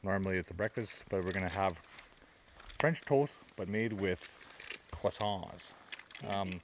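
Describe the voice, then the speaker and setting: A man's voice: low-pitched, unhurried. A man from Canada casually narrating his camping vlog outdoors at a lakeside campsite, chatty and easygoing. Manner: chatty, easygoing, laughs often. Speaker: vlogger. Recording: faint outdoor background noise.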